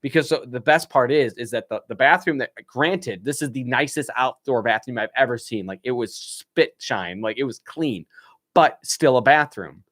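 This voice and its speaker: A man's voice: mid-range voice, normal speed, dry recording, studio quality. A young man on a live stream, casually telling a story with frequent laughs and acted-out quotes. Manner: animated, laughs often, acts out what people said.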